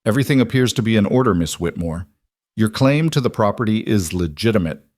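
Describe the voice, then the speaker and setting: Fussy, hesitant frontier clerk, put on by a male narrator, pitched up a little, dry sound. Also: animated, brisk, a little mellow, dry recording. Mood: wary. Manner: bored, then wary and hesitant. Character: thin, bored male land office clerk.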